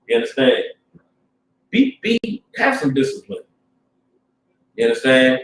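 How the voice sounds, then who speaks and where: A man teaching a religious class in an informal, streetwise preaching style, often asking "you understand?" and swinging between low, muttered asides and loud bursts. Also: big pitch swings, a little slow, long pauses, far from the mic, slight background noise. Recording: roomy sound, speaker away from the mic.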